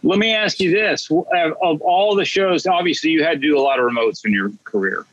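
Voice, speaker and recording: A man with a slightly higher, husky voice hosts a casual interview, loose and conversational. His sound is dry and dull, like a lo-fi mic. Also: brisk, fairly bright tone, no room sound. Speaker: podcast host.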